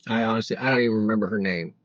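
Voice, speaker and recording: A man's voice: lowish voice, fairly even intonation, rapid-fire, no room sound, dull audio. A man, rambling casually to viewers during a delivery livestream. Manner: rambling, chatty, talks to viewers. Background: faint crickets and insects.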